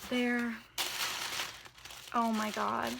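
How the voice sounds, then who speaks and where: A woman's voice: fairly high pitch, flat delivery, very slow, vocal fry, noisy background. A woman chatting casually as a beauty vlogger through an unboxing, gushing, full of "like" fillers and sometimes dropping to a near whisper.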